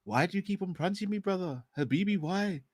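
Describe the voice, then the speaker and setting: A man's voice: sits high, expressive, a little fast, no room sound, clean studio sound, pitched above the performer's own voice. A man voicing an exaggerated, pleading friend with a mock Arabic accent.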